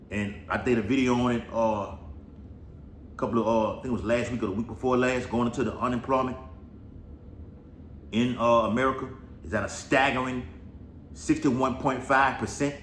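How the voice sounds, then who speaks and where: A man giving casual, rambling Bible prophecy commentary, full of swearing and repeated "all right"s. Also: medium pitch. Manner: rambling, profane, keeps saying "all right". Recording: echoey room with faint noise.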